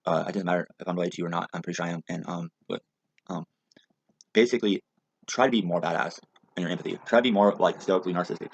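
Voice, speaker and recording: Captured in a muffled lo-fi recording with faint hiss and no room sound, a man fires off an angry, rambling rant full of swearing. His low voice is gravelly and husky, his tone steady, and his pace racing.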